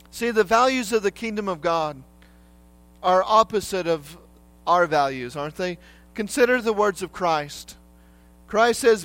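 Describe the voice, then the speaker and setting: A man's voice: sits high, fairly bright tone. A man preaching a sermon in a conversational way, often turning to the listeners with questions.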